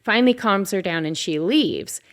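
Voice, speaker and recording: On her faith podcast, a woman pastor keeps the conversation casual while spinning a lively story, voicing each quoted person herself. She speaks with a mid-range voice at a moderate pace.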